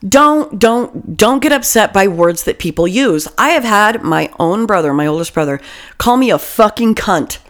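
Animated profane woman podcaster. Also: medium pitch, normal speed. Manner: profane, animated, quotes people in mocking voices. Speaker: podcast co-host. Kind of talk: casual chat.

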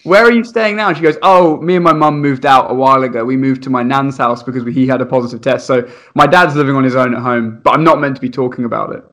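A young man, a primary school teacher, telling funny stories in casual chat, animated and laughing, acting out voices. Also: mid-range voice, quick pace, few pauses. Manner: animated, laughing, acts out voices in his anecdotes.

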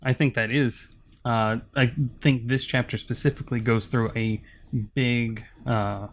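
A man's voice: mid-range voice, steady tone, measured pace. A man co-hosting a casual podcast, teasing and rambling with many fillers. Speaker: podcast co-host.

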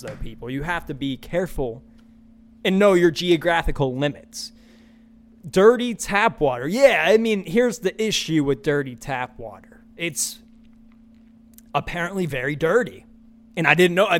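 A man hosting a solo podcast, ranting with profanity and repeating his lines for emphasis. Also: a little high. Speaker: podcast host.

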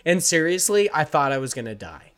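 A man's voice: on the high side, sing-song, brisk, fairly bright tone. A young adult man hosting a casual podcast from an echoey room in his new house, talking in a rambling way with lots of fillers and swearing. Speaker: podcast host.

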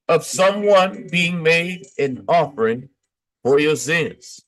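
A man's voice: on the high side, animated, takes it slowly, fairly bright tone. A man preaching an exhortation, reading scripture aloud and explaining it with emphatic repetition and frequent checks of "Okay?". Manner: emphatic, repeats points with "Okay?".

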